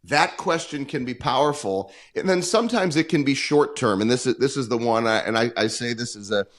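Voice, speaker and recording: A man's voice: mid-range voice, brisk. A man in his forties, a performance coach talking in a podcast interview, earnest and full of stories, often acting out the dialogue he quotes.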